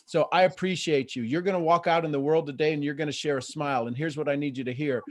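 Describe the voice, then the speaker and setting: Animated man coaching a live call. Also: a little high, quick pace. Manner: animated, acts out quoted voices. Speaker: host and coach.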